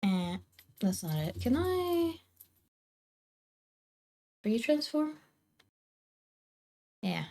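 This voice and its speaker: A woman's voice: on the high side, very animated, extremely slow, long pauses, a little mellow. A woman streaming from home on a desk microphone, chatting casually with her viewers while drawing and calling out to her cats. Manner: chatty, talks to her cats and to chat, teasing indignation. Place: home, indoors.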